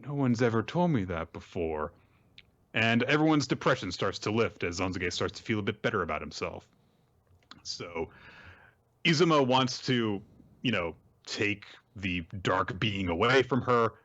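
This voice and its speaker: Animated man recapping manga. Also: lowish voice, moderate pace, highs cut off. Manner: animated, jumps into silly character voices for quotes. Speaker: podcast host recapping manga. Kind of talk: casual chat, summarizing with voiced quotes.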